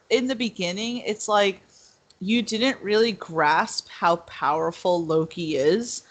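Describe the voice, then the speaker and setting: A woman co-hosting a podcast in casual chat, animated, laughing often and acting out quotes. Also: fairly low pitch. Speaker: podcast co-host.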